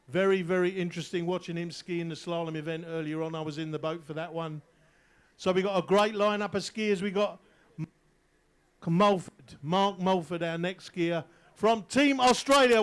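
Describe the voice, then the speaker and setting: An English man commentates live on a water ski event outdoors, joking with the crowd between jumps. His voice sits high for a man and rings out smooth and clear. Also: steady tone, moderate pace. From England. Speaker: event announcer. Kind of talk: live sports commentary over a PA.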